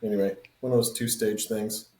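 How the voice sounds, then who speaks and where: A man's voice: fairly low pitch, fairly even intonation, darkish tone. A man co-hosting a podcast in casual chat, telling easygoing stories and stopping to recall details. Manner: easygoing storyteller, laughs along, pauses to recall details. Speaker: podcast co-host. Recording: roomy echo on the voice.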